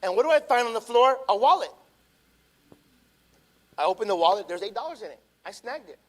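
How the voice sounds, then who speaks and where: A man in his thirties, a pastor preaching a sermon, telling a family story and swinging from quiet asides to loud rising appeals. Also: extremely high pitch, very animated, a little fast.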